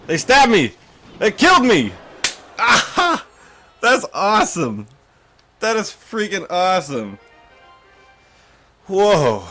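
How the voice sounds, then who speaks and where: A man giving live gameplay commentary, excitable and panicky, quick to laugh and curse. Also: sits high. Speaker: gaming YouTuber.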